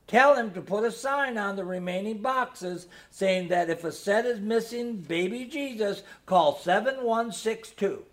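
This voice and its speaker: A man reading the part of a fussy, earnest middle-aged mother with a gentle, coaxing manner. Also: high voice, a little slow, hardly any pauses.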